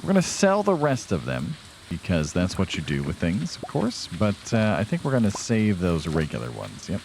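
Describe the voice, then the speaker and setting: A man's voice: low-pitched, wildly swooping pitch, moderate pace, creaky, a little mellow, a little hiss or hum. Sleepy, chatty young gamer guy. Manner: chatty, self-deprecating, talks to viewers. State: tired, yawning. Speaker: let's play host. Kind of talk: casual gameplay commentary.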